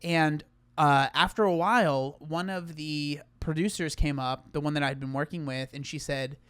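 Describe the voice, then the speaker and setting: A man's voice: fairly high pitch, fairly even intonation, moderate pace, a bit bright, clear, resonant tone, no echo. A young man giving casual reaction commentary, rambling with lots of filler words and restarts. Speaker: YouTuber reacting to his TV appearance.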